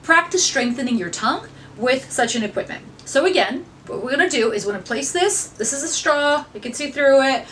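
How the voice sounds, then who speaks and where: A woman's voice: on the high side, a bit bright, a little hiss or hum. A young adult woman presentation trainer giving an upbeat, chatty instructional talk to camera.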